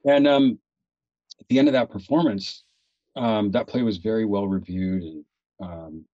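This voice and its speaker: A middle-aged man from Los Angeles, a guest actor telling a story in a casual podcast interview, animated and swearing freely as he acts out his own thoughts. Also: fairly low pitch, a little slow, no echo. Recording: dull lo-fi recording.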